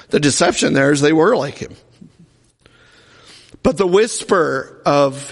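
Male pastor, sermon, emphatic, rhetorical questions, gravelly, reverberant hall. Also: on the high side, expressive, measured pace, pauses often.

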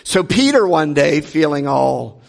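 A man's voice: fairly high pitch, sing-song, unhurried, gravelly. A man preaching a sermon as a pastor, retelling a story earnestly and asking the congregation rhetorical questions. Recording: long reverb of a large hall.

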